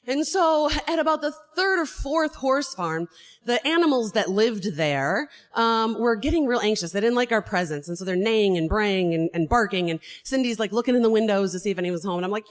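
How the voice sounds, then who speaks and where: A woman telling a true personal story to an audience, animated, laughing and swearing as she goes. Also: mid-range voice, fairly quick.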